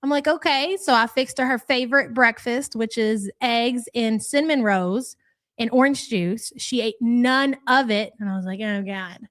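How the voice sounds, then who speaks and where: A woman's voice: fairly high pitch, a bit bright. A woman hosting a live stream, chatting casually and reading out viewer names. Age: adult parent.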